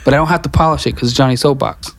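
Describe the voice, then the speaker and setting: A man with a New York accent talks in a blunt, easygoing way, firing off short lists and swearing without a second thought. His voice sits at an average pitch. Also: steady tone, very fast. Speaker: podcast guest. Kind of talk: casual chat.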